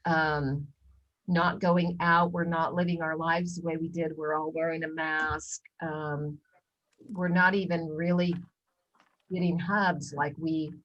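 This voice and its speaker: A woman's voice: fairly low pitch, fairly bright tone, lo-fi sound. A middle-aged woman presenting a wellness talk, telling a personal story with many ums and acted-out quotes. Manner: storytelling with lots of ums, acts out quoted lines. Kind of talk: casual talk in a wellness webinar.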